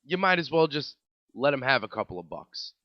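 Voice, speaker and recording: A man's voice: medium pitch, sing-song, brisk, dry recording. A man in his thirties, a podcast host telling comedic stories in a profane, exasperated rant. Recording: dull lo-fi, dry.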